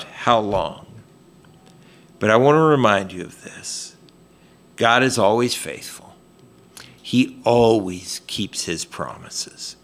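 Male pastor, sermon delivery, unhurried and bright, chatty with restarts. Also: medium pitch. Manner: conversational preaching with frequent fillers and restarts.

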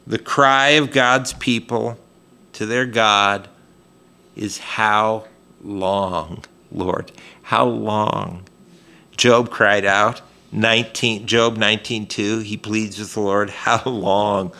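Male pastor, sermon delivery, unhurried and bright, chatty with restarts. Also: fairly low pitch, little pitch movement. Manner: conversational preaching with frequent fillers and restarts.

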